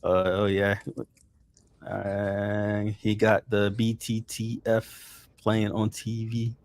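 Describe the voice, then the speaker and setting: A man's voice: on the low side, completely flat delivery, slow. A man hosting a casual livestream, venting with profanity and frequent laughter. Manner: frustrated, profane, laughing between complaints. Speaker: stream host.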